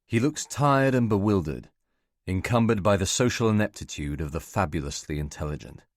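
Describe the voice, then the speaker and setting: A man giving measured, scripted first-person narration of a novel for an audiobook. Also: deep voice, animated, dry recording.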